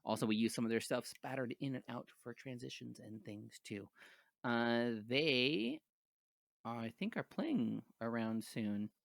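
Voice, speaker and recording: A man's voice: medium pitch, lively intonation, a little slow, vocal fry, dry recording, clean studio sound. A man co-hosting a casual podcast, joking around and rambling through plugs with fillers and restarts. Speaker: podcast co-host. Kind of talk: casual chat.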